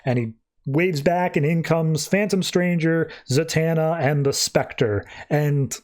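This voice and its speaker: Animated man recapping comics. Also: fairly high pitch, slow pace. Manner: animated, irreverent, acts out dialogue. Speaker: podcast host. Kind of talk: casual comic book recap.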